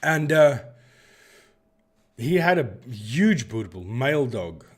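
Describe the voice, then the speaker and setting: A man chatting casually to his live-stream audience. His voice sits in an ordinary middle pitch, and he rambles through digressions, starting sentences over and circling back to his point. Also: sing-song, takes it slowly. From South Africa. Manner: rambling, digressive storyteller who often restarts sentences.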